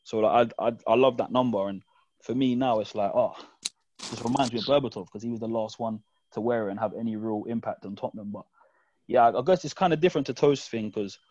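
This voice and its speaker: A man's voice: medium pitch, fast, a little mellow, no room sound. A young man talks casually, telling a personal story full of fillers. His voice sits mid-range and the recording sounds dry, close and a bit lo-fi. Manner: candid, reflective storytelling with fillers. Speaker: podcast guest fan. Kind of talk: casual chat.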